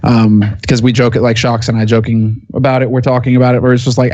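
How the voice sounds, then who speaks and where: A male commentator guesting on a podcast talks quickly and loosely. His mic sounds dull and lo-fi, and completely dry. His delivery is laid-back and conversational. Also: medium pitch, flat delivery, mellow, dry recording. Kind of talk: casual chat.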